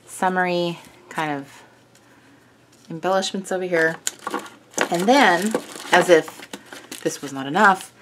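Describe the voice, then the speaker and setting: A woman's voice: on the low side, takes it slowly, pauses often, noisy background. A woman hosting a craft video, chatting through a kit in a gushing way with small self-corrections. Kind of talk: casual product walkthrough.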